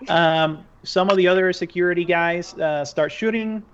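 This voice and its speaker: A man's voice: high voice, measured pace, crowd noise. A man narrating a tabletop game as game master, hesitant with many fillers. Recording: dull lo-fi stream audio.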